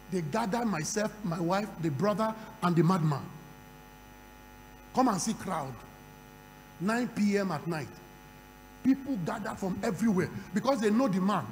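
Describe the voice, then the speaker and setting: In a large hall with long reverb, a man with a high voice preaches a sermon, calling for responses from the crowd and breaking into speaking in tongues. A little hiss or hum is audible.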